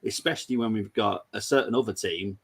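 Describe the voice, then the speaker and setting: A man's voice: lowish voice, a little fast, slightly rough. A man hosting a casual football preview show, chatty and giggly, reading out viewer comments. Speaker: host.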